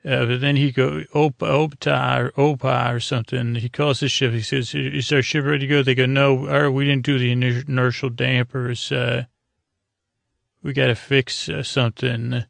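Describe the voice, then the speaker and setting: A man hosting a podcast, retelling a TV episode in a rambling, halting way, full of fillers. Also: medium pitch, flat delivery, vocal fry, fairly bright tone, no echo. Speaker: podcast host. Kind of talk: casual episode recap for sleep.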